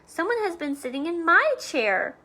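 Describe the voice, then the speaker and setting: A middle-sized mother bear speaks in a raised, measured voice, as a woman reader puts her on. She sounds calm and grown-up, a storybook voice pitched high. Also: heavily acted. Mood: puzzled. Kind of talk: storybook read-aloud.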